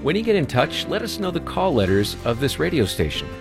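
A man co-hosting a radio show, reading the closing announcements with a smooth announcer delivery. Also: fairly high pitch, very animated, brisk, music in the background.

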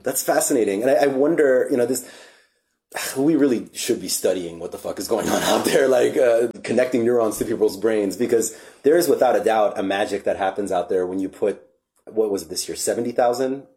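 A man hosting a podcast in casual chat, relaxed and reflective, swearing now and then. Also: fairly low pitch, brisk. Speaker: podcast host.

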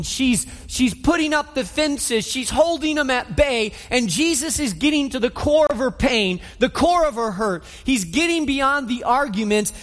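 A man preaching a sermon, telling a story in an animated way and acting out scenes. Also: very high-pitched. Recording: long hall reverb.

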